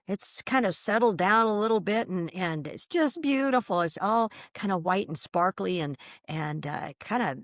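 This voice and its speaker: An older woman telling a personal story as an interview guest, animated and vivid, acting out the voices she quotes. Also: medium pitch, normal speed, hardly any pauses, dry recording, studio quality.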